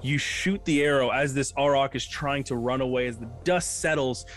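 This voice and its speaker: A man's voice: medium pitch, normal speed, a bit bright, faint music behind. Casual man running a tabletop game. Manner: casual, loose narration full of fillers and restarts, counts dice aloud. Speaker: game master.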